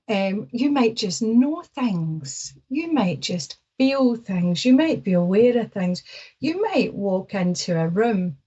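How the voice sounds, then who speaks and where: A woman's voice: mid-range voice, darkish tone, slightly rough, lo-fi sound. A woman explaining psychic experiences in a casual, rambling way, full of fillers and asides. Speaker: psychic guest.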